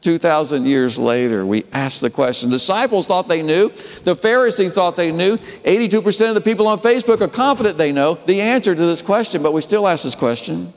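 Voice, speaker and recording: Guy preaching, kinda high voice, acts out the story, big echoey hall. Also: a little fast. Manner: animated storytelling, acting out voices with wide pitch swings. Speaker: pastor. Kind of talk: sermon.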